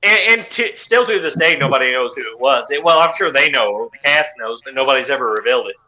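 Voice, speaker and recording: Bright, crude-talking man podcast co-host. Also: medium pitch, fast, low-quality recording. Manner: crude, profane and animated. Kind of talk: casual chat.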